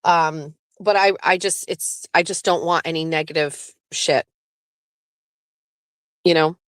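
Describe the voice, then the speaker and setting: A woman's voice: low voice, fairly even intonation, slow, clean tone, no room sound. Woman livestream host, casual and blunt, swears freely, dry close sound. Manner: blunt, profane, talks back to chat. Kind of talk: casual live-stream chat with viewers.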